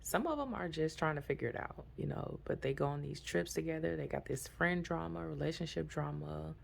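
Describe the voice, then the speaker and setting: A woman's voice: low-pitched, fairly quick, creaky. A young woman vlogging in a casual, chatty way and telling stories with a lot of drama. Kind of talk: casual vlog chat.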